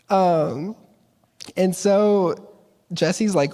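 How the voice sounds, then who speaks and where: A man's voice: high voice, takes it slowly, a little mellow. A young man casually retelling a Bible story at a chapel service, chatty and playful, slipping into character voices for the people in the story. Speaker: chapel speaker. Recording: long reverb of a chapel.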